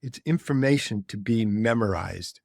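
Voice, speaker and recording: Man, measured explainer, conversational, dry sound. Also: on the low side, gravelly, no room sound. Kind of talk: reflective conversation.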